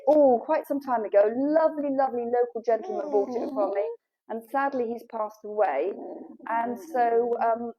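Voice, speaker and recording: Woman, high voice, chatty shop owner, rambling live-stream tour, indoor shop. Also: dark tone, poor audio. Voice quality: chatty, rambling, self-deprecating.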